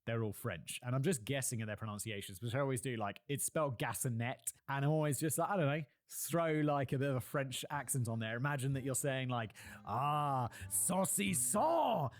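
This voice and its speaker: A man's voice: medium pitch, no echo. A British man hosting a casual history talk, rambling into playful, jokey asides. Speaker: host.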